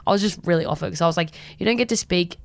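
A young Australian woman co-hosting a podcast, chatting casually and telling an animated story, acting out the voices she quotes. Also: on the low side, racing, vocal fry, no echo. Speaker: podcast co-host. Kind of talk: casual chat. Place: podcast studio.

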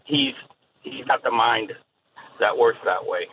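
A man interviewed as a guest, answering in a measured, reflective way. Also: medium pitch, creaky, a little hiss or hum. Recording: tinny phone line.

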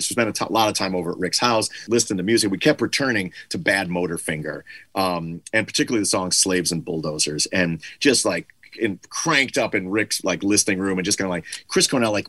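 A middle-aged man with a fairly low voice tells a story in a relaxed interview. He rambles loosely, leaning on "like" and restarting his sentences as he goes. The sound is dry and close, with no room around it. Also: no echo. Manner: loose storyteller with frequent "like" fillers. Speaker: guest musician. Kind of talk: casual anecdote in an interview.

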